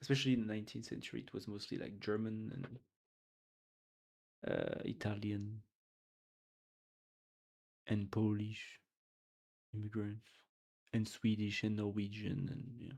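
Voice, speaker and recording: A man's voice: lowish voice, fairly even intonation, measured pace, creaky, long pauses, a little mellow. A man livestreaming, chatting casually with viewers, rambling and repeating words while he searches for them, reading chat aloud and joking along. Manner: reads chat aloud and jokes with it.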